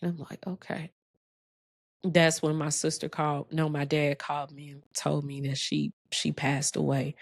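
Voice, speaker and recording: A woman, telling a heartfelt personal story slowly and reflectively, with pauses and restarts. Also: deep voice, completely flat delivery, creaky, dry recording, clean studio sound. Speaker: host sharing a personal story.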